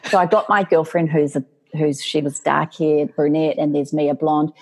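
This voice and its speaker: A middle-aged woman telling her story as an interview guest, lively and animated, acting out quotes. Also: low voice, normal speed. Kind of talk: storytelling in casual chat.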